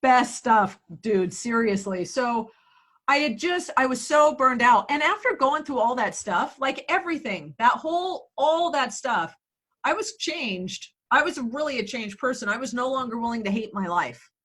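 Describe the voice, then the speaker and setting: A woman in her forties, a real estate agent and coach, telling stories in a lively, profane, laughing way from her office in a casual interview. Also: on the high side, normal speed. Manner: animated, profane, laughing storyteller.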